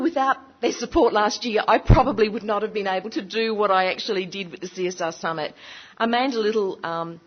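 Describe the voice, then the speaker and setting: A woman hosts a summit, introducing a guest with effusive words. Her voice sits in a middle range. The recording is muffled and lo-fi. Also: mid-range voice. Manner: warm, effusive praise. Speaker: summit organiser and host. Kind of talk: introducing a speaker at a conference.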